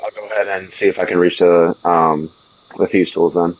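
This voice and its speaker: A man's voice: low voice, steady tone, normal speed, low-quality recording. A man playing a rogue in a tabletop game, hesitant and thinking aloud with many fillers. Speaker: player.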